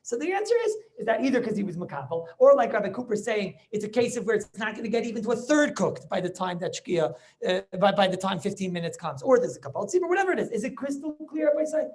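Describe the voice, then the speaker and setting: In a sing-song, high voice with a darkish tone, the rabbi lectures on Talmud to students on a video call. Restarts and repeated words are constant, and he regularly pauses to ask quick questions confirming they're with him.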